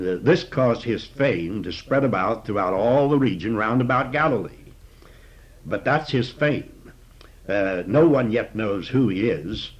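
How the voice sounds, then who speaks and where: Lo-fi, husky male Bible teacher. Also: fairly low pitch. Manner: measured, conversational teaching with frequent fillers. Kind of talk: sermon. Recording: dull lo-fi recording.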